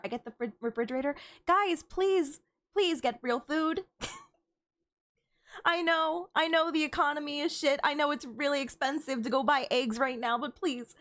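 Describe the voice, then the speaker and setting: A woman's voice: high voice, moderate pace, fairly bright tone. A young woman streaming a game, chatting casually with frequent giggles and stammered restarts. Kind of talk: casual chat while gaming.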